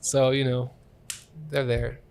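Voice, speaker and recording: A man hosting a comedy podcast, telling rambling, animated stories and laughing often. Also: medium pitch, slow pace, crowd noise. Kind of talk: casual comedic storytelling. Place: Columbus comedy scene.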